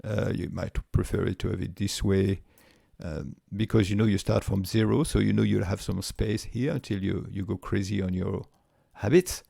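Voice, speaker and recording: A man with a voice walking through a spreadsheet tutorial step by step, relaxed, with frequent fillers and restarts. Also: fairly low pitch, normal speed, gravelly, hardly any pauses, husky, no echo, clean studio sound. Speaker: tutorial presenter. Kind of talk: screen-recorded software tutorial.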